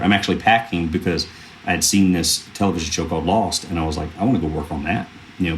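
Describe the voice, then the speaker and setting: He's a film producer in his thirties, guesting on a podcast and rambling through earnest stories in a casual interview, full of fillers and restarts. His voice is low, with slight background noise.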